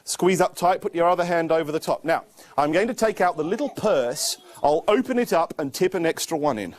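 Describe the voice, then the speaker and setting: Animated man running a kids' magic show. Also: fairly high pitch, brisk. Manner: playful, animated, coaxing young helpers. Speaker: children's magician. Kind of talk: live magic show with teaching.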